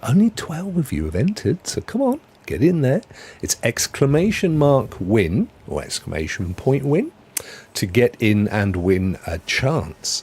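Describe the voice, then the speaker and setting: A man's voice: mid-range voice, huge pitch swings, a little slow, darkish tone, a little hiss or hum. A man hosting a gaming news live stream, chatty and jokey, laughing often. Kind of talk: casual live-stream chat.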